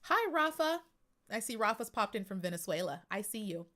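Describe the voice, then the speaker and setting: A woman's voice: mid-range voice, sing-song, moderate pace, bright, forceful tone. A woman hosting a podcast livestream, talking in a chatty, emphatic way and greeting viewers in the chat. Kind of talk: casual livestream monologue.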